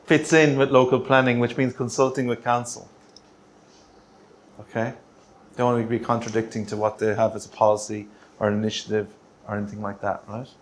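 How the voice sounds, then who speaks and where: A man's voice: medium pitch, little pitch movement, a little fast, pauses often. An Irish man in middle age talks a room through a workshop, bantering and teasing as he goes. His voice sits in an ordinary middle register. Faint noise hums underneath. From Ireland. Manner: chatty, teasing, ends points with "right?". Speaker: workshop presenter. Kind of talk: joking workshop talk. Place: council meeting room.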